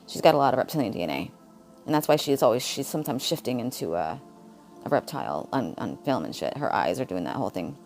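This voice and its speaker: A woman's voice: a bass voice, big pitch swings, fast, gravelly, darkish tone, soft background music. A woman vlogger talking in a blunt, rambling monologue, jumping from topic to topic. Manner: blunt, jumps between topics.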